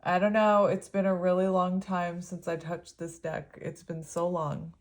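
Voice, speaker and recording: Lady doing a chatty tarot reading, kinda low voice, lots of ums, rambly. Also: little pitch movement, measured pace. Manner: rambling, filler-heavy, easily moved. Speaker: tarot reader. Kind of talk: casual tarot reading chat.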